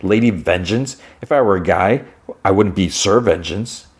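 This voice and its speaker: A man's voice: sits low, normal speed, natural voice. A man doing a poised, haughty wealthy woman. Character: poised woman, wealthy killer and wine snob.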